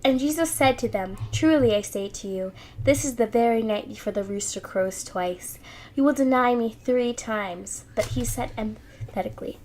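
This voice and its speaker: High-voiced woman reading scripture. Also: normal speed, darkish tone, low-quality recording. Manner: earnest reading with small restarts. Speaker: Bible reader.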